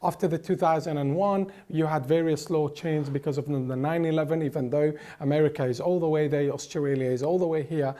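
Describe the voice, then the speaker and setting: Emphatic man from the Middle East, dark voice. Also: a little high, steady tone, fairly quick, few pauses. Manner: emphatic, with frequent restarts and repetitions. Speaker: interview guest. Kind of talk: impassioned political commentary.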